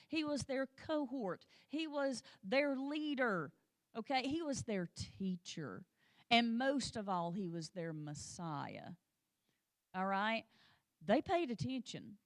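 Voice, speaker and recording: A woman teaching a Sunday school lesson, plain-spoken and folksy, with joking asides, and urging the class on directly. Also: a little high.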